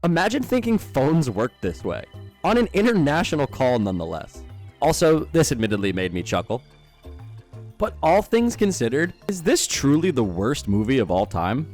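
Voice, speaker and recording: A man's voice: mid-range voice, big pitch swings, normal speed, darkish tone, faint music behind. A young man giving a sarcastic, incredulous film review in scripted commentary.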